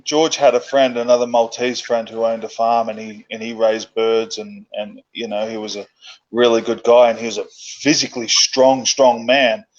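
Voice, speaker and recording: A man hosts a casual chat and tells his stories in an excitable, animated way. The recording sounds dull and lo-fi. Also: mid-range voice, moderate pace. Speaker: host.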